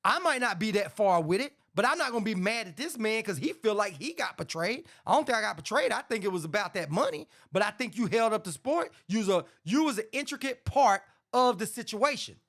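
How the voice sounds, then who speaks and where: A man's voice: high-pitched, sing-song, a little fast, few pauses, a bit bright. A middle-aged man hosting a casual sports talk show, ranting bluntly and profanely about boxing, saying "man" constantly and getting heated. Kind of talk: casual boxing commentary rant.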